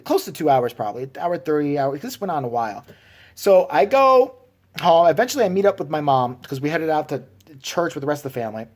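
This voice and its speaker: A man's voice: fairly high pitch, very animated, brisk. A man from Chicago rants on his vlog, cursing and exasperated as he tells the story. His voice swings widely up and down, and he slips into other people's voices as he retells what they said. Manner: profane, exasperated, acts out other people's lines. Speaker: vlogger. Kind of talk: ranting storytelling.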